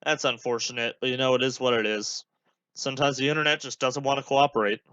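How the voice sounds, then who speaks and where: A man's voice: medium pitch, steady tone, fast talker, pushed and bright, clear, resonant tone, no echo, lo-fi sound. A young man hosting a podcast, rambling casually through a watch-along with lots of filler words. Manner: rambling, many fillers, chatty asides. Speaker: podcast host.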